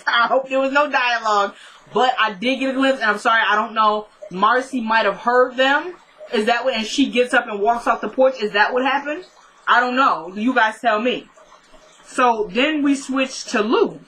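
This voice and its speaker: A young woman recapping a TV episode in a casual vlog, chatty and excitable, rambling with lots of "like"s. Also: on the high side, moderate pace, slight background noise. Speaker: TV show reviewer.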